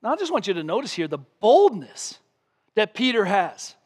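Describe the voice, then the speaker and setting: A man's voice: high voice, moderate pace, slightly rough. A man preaching a sermon from the pulpit in a church, telling a Bible story with lots of drama and acting out the voices of the people in it. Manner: animated preaching, acting out scenes with raised voice. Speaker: pastor.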